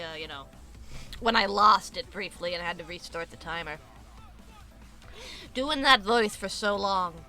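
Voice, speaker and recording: Bright, profane woman streamer. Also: medium pitch. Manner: loose, profane, laughing asides. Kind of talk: casual stream chat.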